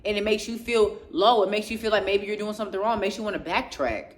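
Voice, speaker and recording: A woman delivers a motivational faith talk straight to her listeners. She drives her points home with stacked, repeated phrases and an insistent, preachy rhythm, swelling with passion and then settling quieter. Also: medium pitch, quick pace. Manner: speaks passionately, getting louder, then drops quieter. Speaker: faith and self-growth speaker.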